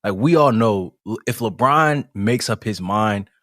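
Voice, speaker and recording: Male podcast co-host, low-pitched, easygoing and conversational, dry booth. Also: lively intonation, measured pace, fairly bright tone, no room sound. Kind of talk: casual music review chat.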